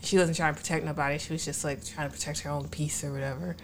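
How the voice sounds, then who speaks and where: A woman's voice: sits low, fairly even intonation, rapid-fire, a little hiss or hum. A woman co-hosting a podcast in casual chat, candid and profane, with lots of fillers. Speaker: podcast co-host.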